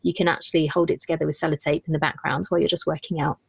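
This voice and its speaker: Woman, low-pitched, dry close sound, chatty self-deprecating interview talk. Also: flat delivery, rapid-fire, vocal fry, slightly rough, dry recording. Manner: chatty, self-deprecating, with frequent restarts and quoted asides. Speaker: podcaster and business owner. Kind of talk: casual interview chat.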